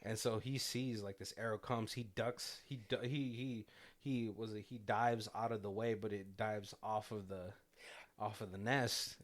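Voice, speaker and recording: A man's voice: on the low side, steady tone, a little slow. A man hosting a casual movie commentary chat, retelling scenes with quoted lines and frequent laughs. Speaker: podcast host.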